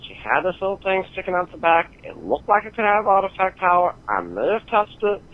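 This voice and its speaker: A man's voice: sits high, sing-song, a little fast. A man voicing a crude, foul-mouthed male gamer who rants in a profane, rambling way, heard over a phone-line recording. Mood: ranting. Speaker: listener calling in. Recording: tinny phone-line voicemail.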